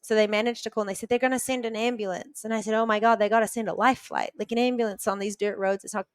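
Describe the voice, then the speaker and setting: A woman's voice: a little high, steady tone, quick pace, smooth, no room sound. A woman guest on a podcast vividly retelling a story, with lots of "like" fillers. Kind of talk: conversational storytelling.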